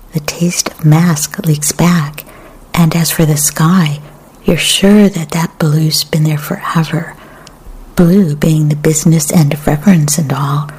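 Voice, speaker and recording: A woman reading poetry and memoir aloud in a soft, often half-whispered, measured way. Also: low voice, husky. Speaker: literary reader.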